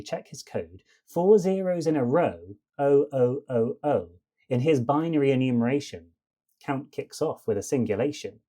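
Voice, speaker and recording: A man's voice: mid-range voice, dark tone. A man hosting a podcast, performing rhythmic spoken-word poetry with a rhyming, beat-driven delivery and emphatic stresses. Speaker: podcast host.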